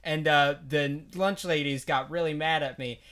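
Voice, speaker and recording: A man's voice: a little high, steady tone, normal speed, a bit bright. A young man co-hosting a comedic podcast, rambling through absurd scenarios and giggling as he goes. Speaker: podcast co-host.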